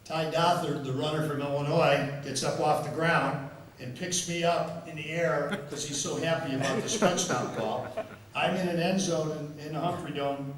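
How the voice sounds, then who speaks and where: A man's voice: a little high, steady tone, normal speed, a crowd in the background. An older man giving an after-dinner speech as a football official, telling self-amused stories and often repeating words. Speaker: guest speaker and football official. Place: large members' dining room. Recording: echoey hall, voice from far off.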